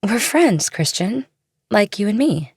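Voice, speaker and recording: A woman playing a caring, sorrowful young woman in an audiobook drama, pleading softly and earnestly. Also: medium pitch, sing-song, measured pace, slightly rough, no room sound, clean studio sound, full character voice.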